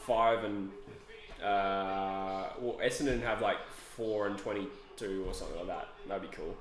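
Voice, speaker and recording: A man's voice: low voice, steady tone, measured pace. A young Australian man hosting a casual live footy watch-along, laid-back, laughing often and trailing off. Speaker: podcast host. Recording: roomy echo, faint ambience.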